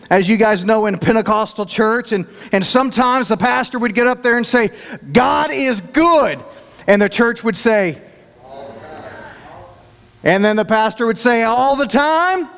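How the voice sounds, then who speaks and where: A man's voice: sits high, long reverb tail. A man from Oklahoma with an Oklahoma accent, preaching a sermon as pastor in a folksy, self-deprecating way, often repeating words as he thinks.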